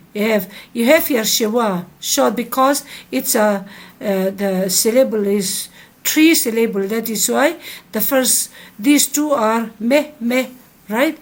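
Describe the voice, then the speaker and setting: Slow, patient woman teaching verb forms. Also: fairly high pitch. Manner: slow, repeats each verb form for students to echo. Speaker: Hebrew teacher. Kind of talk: recorded grammar lesson.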